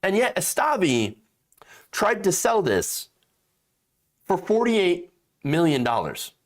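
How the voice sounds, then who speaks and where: A man's voice: high voice, sing-song, takes it slowly. A man hosting a political commentary show, sarcastic and exasperated, mocking what he reads and swearing freely.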